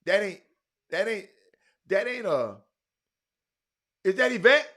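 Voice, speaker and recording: A middle-aged man hosting a sports talk show, chatting loudly and calling out viewers by name in casual Southern vernacular. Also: high voice, slow pace. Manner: loud, excitable, calls out viewers by name; Southern vernacular, y'all and ain't. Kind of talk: casual livestream chat reading comments.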